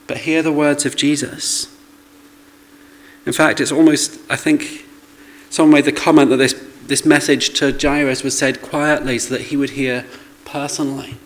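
A man's voice: medium pitch, flat delivery, moderate pace, poor audio. A man preaching a sermon in a conversational way, with rhetorical questions and asides to the congregation.

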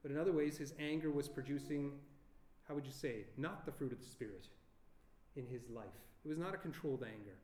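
A man preaching a sermon earnestly, asking rhetorical questions and slowing down with emphatic pauses. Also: medium pitch, darkish tone, a little hiss or hum. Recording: echoey room.

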